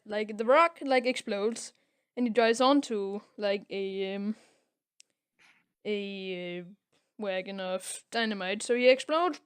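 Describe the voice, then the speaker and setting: A woman's voice: medium pitch, smooth. A young woman recapping a comic on a casual podcast, rambling with lots of filler words. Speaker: podcast co-host.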